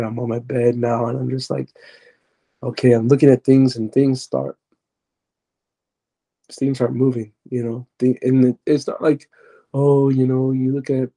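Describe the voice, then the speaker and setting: A man with a very dark, mellow voice and a husky edge speaks as a podcast guest. He retells his personal testimony in an earnest, confessional way, circling back and restarting his sentences as he goes. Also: medium pitch.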